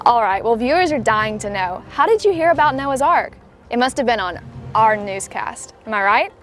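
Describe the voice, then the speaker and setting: A woman playing a perky female TV field reporter in a kids' church comedy skit, interviewing in a bright, chirpy way. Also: fairly high pitch, animated, moderate pace, slight background noise.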